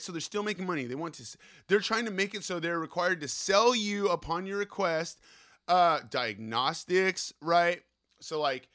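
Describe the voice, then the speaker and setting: A man hosting his own podcast, ranting profanely in a casual monologue and tagging his sentences with "right?". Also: fairly high pitch. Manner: profane, animated, keeps asking "right?". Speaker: podcast host.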